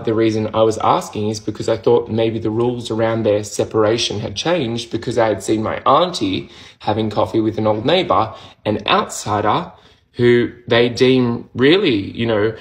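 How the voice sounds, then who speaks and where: A man talking to camera in a personal vlog, emotional and halting, with many restarts and pauses as he struggles to get the words out. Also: lowish voice, low-quality recording. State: emotional, close to tears. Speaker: vlogger sharing a personal update.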